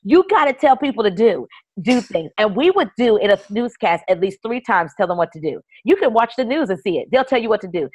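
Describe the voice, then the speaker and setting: A woman guest giving energetic, coaching advice in an interview. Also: mid-range voice, brisk, slightly rough, dull audio. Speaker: guest, live video strategist.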